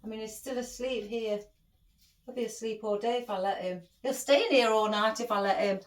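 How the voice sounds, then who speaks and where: A woman's voice: a little high, fairly quick. A middle-aged woman chatting as she hosts a craft tutorial, rambling and affectionate toward her viewers. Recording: echoey room.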